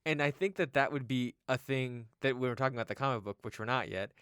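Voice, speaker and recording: A man's voice: medium pitch, quick pace, fairly bright tone, smooth, no room sound, clean studio sound. A man hosting a comic book podcast, chatting casually and teasing his co-hosts. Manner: joking, teasing. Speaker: podcast host.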